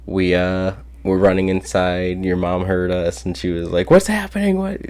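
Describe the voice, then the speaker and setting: Low-voiced man rambling on a podcast. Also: completely flat delivery, a little slow, darkish tone, smooth. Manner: rambling, restarts, acts out quotes. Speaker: podcast co-host. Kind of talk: casual chat.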